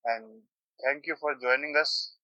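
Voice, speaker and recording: A man's voice: fairly high pitch, flat delivery, measured pace, bright, forceful tone, dry recording, rough recording. A man co-hosting a podcast, polite and a little hesitant. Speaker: podcast co-host. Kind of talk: casual chat.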